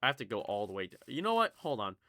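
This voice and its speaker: A man's voice: mid-range voice, very animated, rapid-fire, sharp tone, no echo. A young man with a slight Southern US accent from Kentucky, rambling and swearing through casual gameplay commentary. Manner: rambling, swearing, jumpy, chatty. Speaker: gaming YouTuber.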